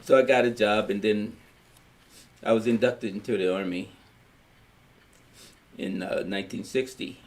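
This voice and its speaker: A man's voice: fairly low pitch, unhurried, pauses often. Older Louisiana man, plain-spoken elder recalling family history at length. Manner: rambling, plain-spoken storyteller acting out quotes. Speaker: family elder telling his story. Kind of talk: storytelling in a family history recording.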